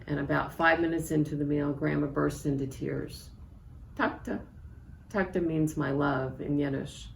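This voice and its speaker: A woman in her sixties, an author reading aloud from her memoir in a measured, reflective way. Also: deep voice, creaky. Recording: echoey room with faint background noise.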